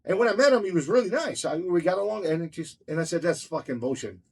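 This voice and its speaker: A man telling a story in a casual interview, profane and excitable, repeating himself as he goes. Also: sits high, fast talker, gravelly, husky. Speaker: restaurant owner telling his story.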